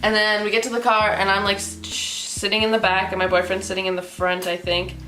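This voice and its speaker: A young woman vlogger telling a story casually, animated and giggly, full of fillers. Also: mid-range voice, quick pace. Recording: roomy with faint music.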